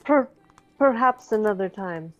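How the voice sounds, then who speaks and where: A woman's voice: medium pitch, expressive, a little slow, dull audio, faint music behind. A woman playing her character in a tabletop game, speaking hesitantly with stammers. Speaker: player. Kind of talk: in-character tabletop role-play.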